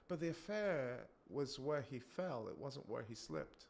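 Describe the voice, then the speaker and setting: A male preacher giving an animated sermon, acting out quotes and breaking off to comment on himself. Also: medium pitch, normal speed. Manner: animated, acts out quotes, self-interrupting.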